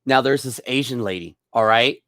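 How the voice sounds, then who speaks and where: A man's voice: mid-range voice, normal speed, fairly bright tone, no room sound, studio quality. A young man, a bartender, telling rambling stories from work in a casual way, often chuckling. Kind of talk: casual storytelling.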